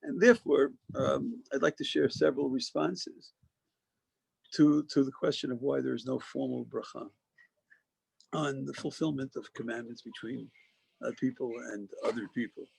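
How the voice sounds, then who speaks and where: A man's voice: mid-range voice, fairly even intonation, normal speed, gravelly, a little mellow, breathy edge, no echo, poor audio. A man giving an informal, conversational Torah lecture as a rabbi, discursive and often restarting phrases for emphasis. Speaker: rabbi teaching a class.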